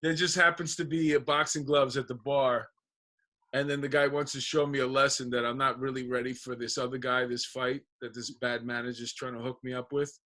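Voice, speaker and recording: A man's voice: mid-range voice, a little fast. A man, a comedian guest on a podcast, telling stories in casual chat and acting out the dialogue with plenty of swearing. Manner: animated storyteller acting out dialogue, profane.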